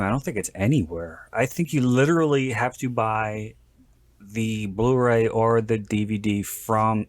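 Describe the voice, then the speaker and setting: A man with a lowish voice, recorded dry, hosts a podcast in casual chat. He rambles and jokes, frequently stopping to restart his sentences.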